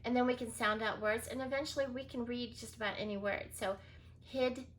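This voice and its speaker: A woman's voice: on the high side, steady tone, quick pace. A woman teacher giving a recorded reading lesson for young children, sounding out words and spelling them letter by letter, with frequent praise. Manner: encouraging, praises often.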